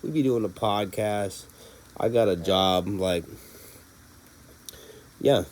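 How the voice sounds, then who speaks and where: A man's voice: on the low side, takes it slowly. A man co-hosting a casual podcast chat, talking in slang and joking around, often slipping into voices. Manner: slangy, animated, jokey, often doing voices. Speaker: podcast co-host. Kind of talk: late-night casual chat.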